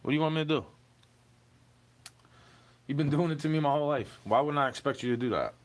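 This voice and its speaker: A young man delivers an aggrieved, profane rant straight into the camera, addressing someone who wronged him and repeatedly saying "bro." His voice is a little high and fast.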